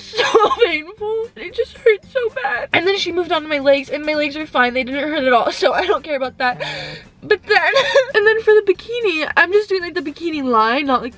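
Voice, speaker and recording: A young woman with a high-pitched voice talks through her day in a casual vlog. She is tearful and cries as she speaks, packing her sentences with fillers. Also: fairly bright tone, poor audio. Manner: chatty, lots of fillers like "like" and "literally". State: crying. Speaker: vlogger.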